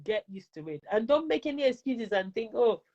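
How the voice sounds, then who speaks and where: Animated Nigerian-accented woman teacher. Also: a little high, fairly quick. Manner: animated, emphatic, repeats advice for stress. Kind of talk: casual interview chat. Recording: dull lo-fi recording.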